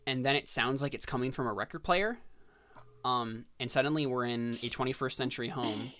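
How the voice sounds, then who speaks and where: Halting, relaxed male game master. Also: medium pitch. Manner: relaxed, halting narration with many fillers. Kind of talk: narrating a tabletop game.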